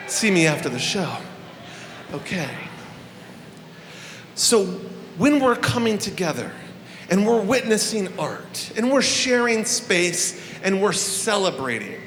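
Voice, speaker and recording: A man's voice: high voice, sing-song, a little slow, fairly bright tone, slight background noise. A man hosting a live festival opening on a handheld microphone, addressing the crowd in a playful, profane, theatrical way. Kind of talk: live stage address to an audience. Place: live venue hall. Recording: echoey hall with faint room ambience.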